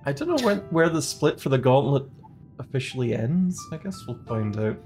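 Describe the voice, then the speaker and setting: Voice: mid-range voice, big pitch swings, normal speed, darkish tone, faint music behind. A streamer chatting playfully and commenting on the game while speedrunning. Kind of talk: casual chat while playing a game.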